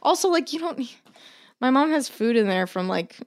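A woman's voice: a little high, animated, normal speed. A young woman co-hosting a podcast, chatting casually and swearing freely as she acts out stories about her family. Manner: chatty, profane storyteller who acts out family members. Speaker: podcast co-host. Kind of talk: casual chat.

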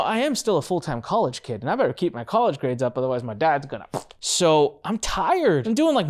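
A man in his forties hosting a podcast, telling his own story in a chatty, enthusiastic way with many casual fillers. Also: high voice. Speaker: podcast host.

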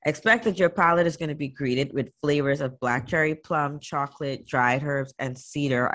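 Podcast host reading off wine history, steady mid voice, tosses in slangy side comments. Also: medium pitch, vocal fry. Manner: reads steadily, then drops into slangy asides. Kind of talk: reading scripted wine history, then casual chat.

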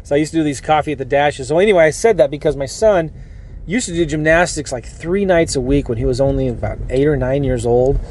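Brief: middle-aged male podcast host, fairly high voice, earnest and rambling, recorded in a car with faint traffic behind. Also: fast talker. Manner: energetic, earnest, rambling with restarts. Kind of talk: casual motivational podcast monologue. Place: parked car.

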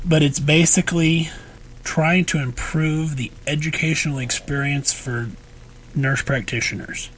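A man co-hosting a podcast, explaining things in a measured way and raising pointed questions. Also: on the high side, fairly even intonation, fairly bright tone, breathy edge, low-quality recording. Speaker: podcast co-host. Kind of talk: casual podcast chat.

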